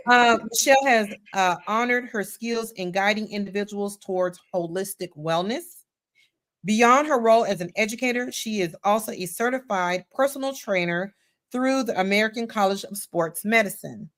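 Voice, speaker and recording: With a mid-range, fairly bright voice at a moderate pace, a woman podcast host leads a casual livestream talk show. Her style is playful, chatty and folksy; she speaks directly to the audience, calls them "y'all" and often goes over the same words again.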